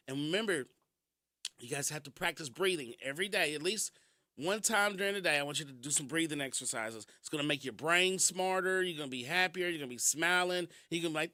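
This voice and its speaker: Radio host, male, high and very lively voice, laughs often, from Kentucky, dry studio sound. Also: fairly quick, no room sound. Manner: animated storytelling, laughs often. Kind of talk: casual radio talk. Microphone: studio mic.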